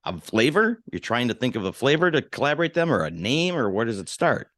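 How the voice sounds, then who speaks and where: A man's voice: mid-range voice, big pitch swings, brisk, fairly bright tone. A man co-hosting a casual podcast chat, who asks the guest questions and echoes his words back. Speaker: podcast co-host.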